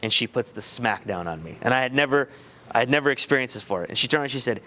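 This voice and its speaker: A man giving a motivational talk to high school students, telling a personal story in an animated, conversational way. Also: rapid-fire. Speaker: guest speaker.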